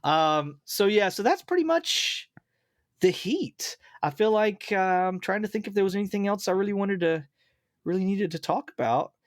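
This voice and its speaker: A man's voice: high-pitched, animated, moderate pace, no room sound, clean studio sound. A man hosting a film podcast in casual chat, retelling movie scenes with animation and laughing often. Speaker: podcast host.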